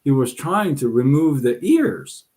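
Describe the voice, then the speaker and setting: A man's voice: mid-range voice, sing-song, a little slow, a little mellow, voice pushed up. A man voicing a sly male fox who coaxes and talks others into things. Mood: coaxing. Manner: coaxing, persuasive. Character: sly male fox, smooth-talking trickster.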